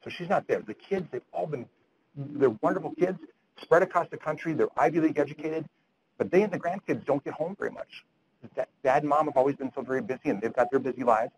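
A man's voice: on the high side, fast talker, slight background noise, poor audio. A man lecturing physicians at grand rounds, retelling a story earnestly and often repeating words as he goes.

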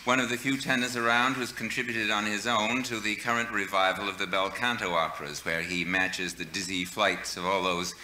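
A man's voice: lowish voice, steady tone, a little fast, few pauses, sharp tone, echoey room, slight background noise, rough recording. A man hosting a radio talk show, introducing guests and reading listener letters in a formal, courtly announcer manner. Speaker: radio host. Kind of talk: scripted broadcast introductions.

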